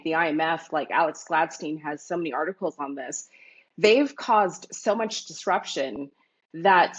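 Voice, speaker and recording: A woman from Canada, a guest in an interview, who talks in a thoughtful, animated way with many fillers. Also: fairly low pitch, slightly rough. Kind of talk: casual interview talk.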